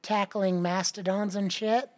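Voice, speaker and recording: A man who rides rodeo, guesting on a podcast, with a voice that sits high for a man. He reels off his broken bones in a dry, matter-of-fact way, with a wry edge. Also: level tone, a little slow. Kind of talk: casual podcast chat.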